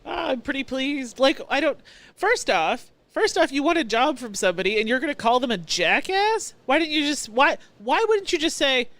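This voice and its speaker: Female podcast co-host, lively pitch, laughs a lot, dry close sound. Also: moderate pace, no echo. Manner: laughing, storytelling. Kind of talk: casual chat.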